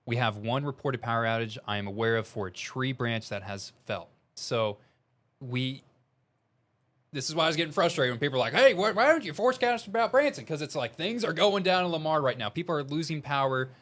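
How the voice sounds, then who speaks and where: A man's voice: mid-range voice, a little fast, fairly bright tone. A man with a Southern Missouri accent, a meteorologist talking urgently and conversationally during live severe weather coverage. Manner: urgent, conversational, reading updates aloud.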